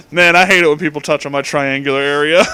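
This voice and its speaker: A young man reading fan fiction excerpts aloud in a deadpan voice, often breaking off in disbelief and laughing as he comments. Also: a little high, clear, resonant tone.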